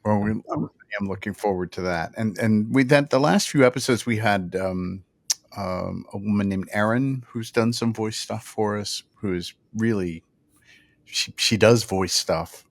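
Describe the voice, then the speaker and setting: A man co-hosting a podcast livestream, talking casually in a halting, rambling way. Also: on the low side. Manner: rambling, halting, many restarts. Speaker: podcast co-host.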